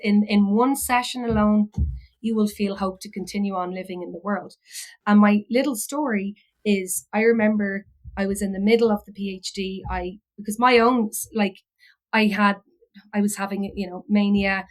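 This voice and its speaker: A woman's voice: medium pitch, fairly even intonation, normal speed, low-quality recording. An Irish woman, a philosophy educator, telling a personal story in a rambling way, full of fillers and restarts. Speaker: podcast guest, philosophy educator.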